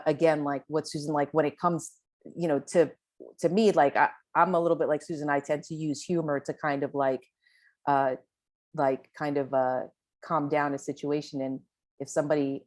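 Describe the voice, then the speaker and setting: On a panel, a woman talks in a low, slightly mellow voice. She's conversational and questioning, restarting often, laughing lightly, and tagging many lines with "right?"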